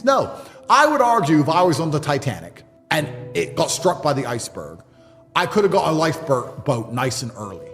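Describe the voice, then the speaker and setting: Man in his thirties, blunt and lecturing, big swings in pitch, slightly high voice, long reverb tail with music bed underneath. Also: big pitch swings, brisk, a bit bright. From England. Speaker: podcast guest. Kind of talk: motivational monologue.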